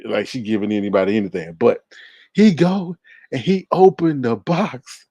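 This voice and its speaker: A man at a mid pitch, hosting a casual livestream and reading out viewer comments. He is an animated storyteller who laughs often and acts out scenes in high voices. The sound is dry and close, with no room echo. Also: normal speed, slightly rough.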